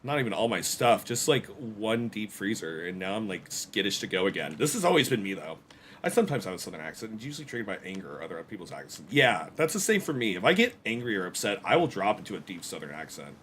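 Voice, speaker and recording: Man, game streamer, low voice, bouncy animated pitch, rambling self-deprecating chatter. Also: fast, a little hiss or hum. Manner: rambling, self-deprecating, joking asides to chat. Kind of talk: casual gameplay commentary.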